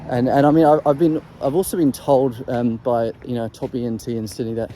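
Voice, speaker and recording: Guy vlogging about singing, kinda rambly with lots of ums, warm low-key voice, bit of background noise. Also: steady tone, brisk, poor audio. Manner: rambling, hesitant, full of ums and restarts; demonstrates throat sounds while talking. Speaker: voice coach sharing singing tips. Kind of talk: casual explanatory vlog.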